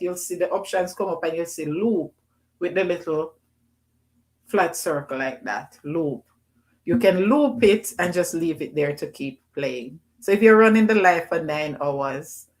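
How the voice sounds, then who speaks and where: A middle-aged woman with a Jamaican accent, hosting a casual livestream and shouting out names from the chat. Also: lowish voice. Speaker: livestream host. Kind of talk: casual live chat with viewers.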